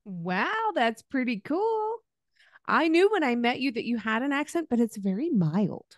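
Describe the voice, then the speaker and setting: A woman's voice: a little high, sing-song, a little slow, no echo, clean studio sound. Chatty woman podcast host. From Arkansas. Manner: friendly, chatty, laughs often. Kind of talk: casual interview conversation.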